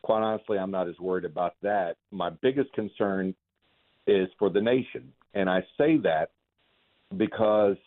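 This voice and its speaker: A man calling a radio show on speakerphone, friendly and earnest, speaking in halting phrases. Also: deep voice. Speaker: radio caller. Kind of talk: casual phone chat. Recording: tinny speakerphone line.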